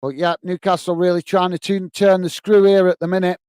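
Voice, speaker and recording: A British man with a fairly high, smooth, clear voice runs live fan commentary on a football match. He talks straight to his viewers, calls everyone "mate", and speaks bluntly. The sound is dry and close, with no room around it. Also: flat delivery, fairly quick, darkish tone, dry recording. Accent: British English. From England. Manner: calls "mate" often, blunt and chatty, gets openly irritated.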